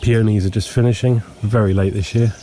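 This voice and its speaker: A man with hay fever, sniffling and clearing his throat, casually narrating a walking tour outdoors at dawn. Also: lowish voice. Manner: relaxed, unhurried, frequent ums and pauses. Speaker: homestead vlogger. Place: outdoors in a countryside yard at dawn. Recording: faint outdoor noise with birds. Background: birdsong and insects.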